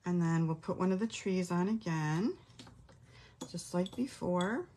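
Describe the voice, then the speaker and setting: A woman's voice: lowish voice, measured pace, warm tone, slight background noise. A middle-aged woman hosting a casual craft tutorial from her home craft room, chatting and thinking aloud as she works. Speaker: craft class host.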